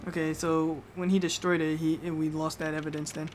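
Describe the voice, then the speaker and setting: A woman streamer giving excitable live commentary on a game playthrough, swearing casually and laughing often. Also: deep voice, brisk, faint music behind.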